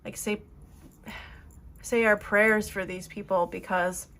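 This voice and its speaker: Slow-talking emotional tarot reader woman. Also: medium pitch, fairly even intonation, a bit bright. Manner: earnest, emotional, meandering with fillers. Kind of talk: tarot reading monologue.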